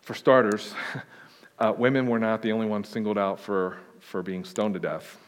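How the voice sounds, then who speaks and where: A man speaking as a pastor, his voice sitting a little lower than most. He answers the congregation's questions in a relaxed, plain-spoken way, dropping in joking asides. The church sanctuary gives his words a long, ringing reverb. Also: moderate pace. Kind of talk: conversational sermon answering questions. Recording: long reverb of a large hall.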